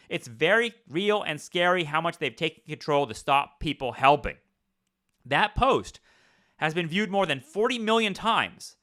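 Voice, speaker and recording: A man's voice: fairly high pitch, pushed and bright. A man hosting a podcast, reading news aloud and breaking off into sarcastic, profane asides. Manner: sarcastic, profane asides between read passages. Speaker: podcast host.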